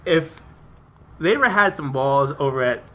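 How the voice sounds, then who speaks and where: A man reviewing a movie in casual chat on a talk show, rambling and excited, with lots of fillers and restarts. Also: on the high side, moderate pace.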